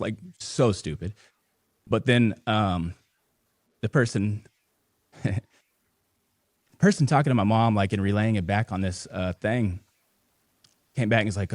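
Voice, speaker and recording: A man with a notably low voice talks as a podcast guest, loose and rambling, full of fillers and restarts. The sound is dry and close, with no room around it. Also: normal speed, long pauses, darkish tone, no room sound. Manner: emotional, holding back tears. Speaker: podcast guest, business founder. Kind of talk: casual interview conversation.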